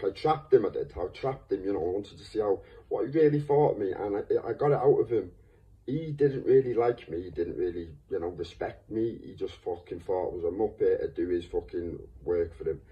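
Ranting man, distant lo-fi sound. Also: fairly low pitch. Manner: heated, insulting, swearing. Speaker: YouTuber. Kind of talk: angry rant to camera. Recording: distant, dull lo-fi recording.

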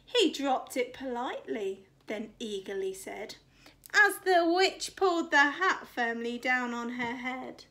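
A woman's voice: sits high, lively intonation, a little slow, sharp tone. A woman teacher reading a rhyming picture book aloud to children, with a sing-song rhythm. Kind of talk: expressive storybook read-aloud.

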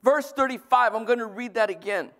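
A male pastor preaching a sermon, lively, swinging from loud bursts to soft asides. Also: extremely high pitch, a little fast.

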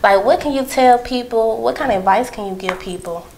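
A woman's voice: fairly high pitch, brisk, darkish tone, low-quality recording. A woman from Birmingham with an Alabama Southern accent, casually interviewing a guest in a friendly, upbeat way and often answering with short praise. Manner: friendly, upbeat, repeats "that's dope". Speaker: interviewer, host.

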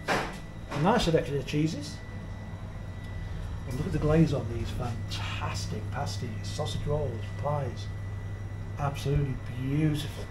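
A middle-aged man vlogs a walking tour of villages, chatty and full of admiration, his voice a little high. He films on an action camera mic outdoors in a village and then inside a small shop, with background noise present.

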